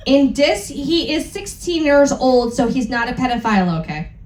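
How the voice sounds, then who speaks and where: A woman's voice: sits high, big pitch swings, moderate pace, background noise. A tipsy woman giving a live comedic reading, giggling and cursing through asides. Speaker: dramatic reader. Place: live event venue. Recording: roomy echo.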